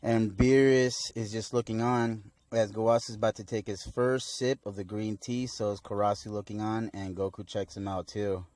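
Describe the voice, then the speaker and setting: A man's voice: lowish voice, steady tone, normal speed, hardly any pauses, a little mellow, no echo. A man giving a casual episode recap and review, talking in a loose, slangy way with lots of fillers. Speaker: video reviewer.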